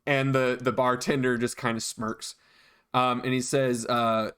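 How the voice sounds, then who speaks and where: A man runs a tabletop game as its dungeon master. He narrates in a halting, mid-pitched voice full of fillers and restarts. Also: level tone, a bit bright, clean tone. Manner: hesitant, many fillers and restarts.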